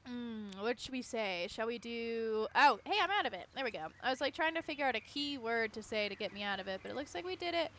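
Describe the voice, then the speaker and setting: A woman's voice: a little high, lively intonation, fast, hardly any pauses, fairly bright tone, slight background noise. Chatty woman streaming a game. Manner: rambling and chatty, many "like" fillers. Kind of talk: casual gameplay commentary.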